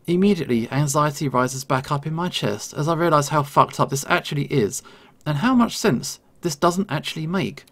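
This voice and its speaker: A man, a gaming YouTuber, reading a visual novel aloud with expressive, dramatic delivery and brief casual asides. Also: medium pitch.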